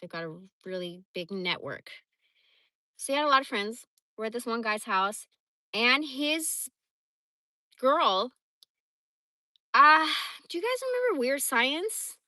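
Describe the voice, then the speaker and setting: A woman in her forties livestreams casually, answering chat and spinning blunt, profane stories with lively energy. Her voice sits a bit high and sounds bright and forceful, recorded close and dry with no room sound. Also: takes it slowly, pauses often, no room sound. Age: 40s. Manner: blunt, profane, animated storytelling. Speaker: livestream host.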